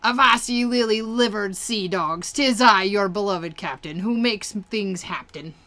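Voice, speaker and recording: A woman's voice: mid-range voice, unhurried, sharp tone, voice pushed up. Woman doing a boastful pirate captain. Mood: swaggering. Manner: hearty old-timey pirate talk.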